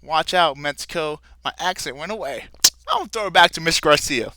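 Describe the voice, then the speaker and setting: A man's voice: on the high side, lively intonation, brisk, pushed and bright, dry recording. A man putting on a hammy frontiersman. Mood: folksy, cheerful. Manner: folksy, hammy, calls listeners "folks". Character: folksy cheerful frontiersman guest, adult man.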